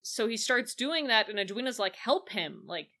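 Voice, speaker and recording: A woman's voice: a little high, moderate pace. A woman co-hosting a casual film review podcast, acting out the scenes she retells. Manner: animated, acts out scenes in voices. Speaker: podcast co-host.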